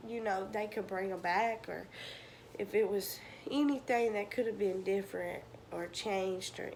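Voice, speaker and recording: A woman's voice: fairly high pitch, vocal fry, a little hiss or hum. Tearful young woman telling her story. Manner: emotional, halting, drops to a whisper at times. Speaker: vlogger. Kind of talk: personal storytelling to camera.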